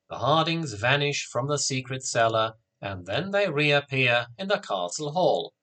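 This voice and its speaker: A man narrating a children's story in a steady, clear reading voice. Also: medium pitch.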